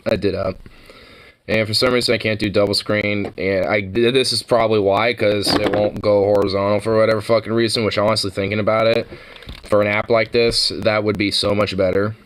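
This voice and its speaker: A man's voice: fairly low pitch, low-quality recording. A young man vlogging in a loose, rambling way, swearing freely and laughing between thoughts. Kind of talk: casual rambling chat.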